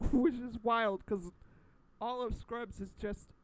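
A woman's voice: a little high, fairly even intonation, slow, noisy background. A young woman co-hosting a podcast, talking casually with lots of fillers and restarts. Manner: rambling, full of fillers and restarts. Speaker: podcast co-host. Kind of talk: casual chat. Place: indoor recording, New York.

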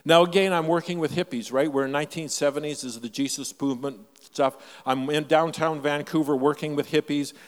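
Older Canadian preacher in an echoing hall. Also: male voice, a little high, fairly even intonation, a little fast, hardly any pauses. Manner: storytelling, emphatic, varies loudness widely. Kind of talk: sermon. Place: church.

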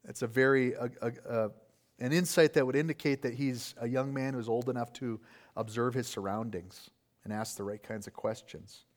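A man's voice: mid-range voice, steady tone, normal speed. A man preaching an expository sermon, explaining the text earnestly and asking rhetorical questions.

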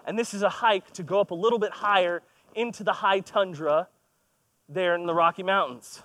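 A man in his thirties delivers a sermon as a relaxed, conversational story, poking fun at himself along the way. His voice sits fairly high for a man. The recording is close and dry, with no room echo. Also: moderate pace. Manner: conversational, storytelling with self-deprecating humor. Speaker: pastor. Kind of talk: sermon with personal stories.

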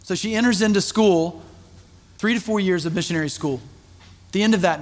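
Male pastor, high voice, conversational sermon storytelling, long hall reverb. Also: a little fast, pauses often. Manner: conversational storytelling, animated asides.

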